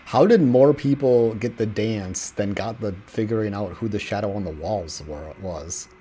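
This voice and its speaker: A man doing let's play commentary, excitable, swearing often and reading game text aloud. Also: fairly low pitch, moderate pace, slight background noise. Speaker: gaming streamer.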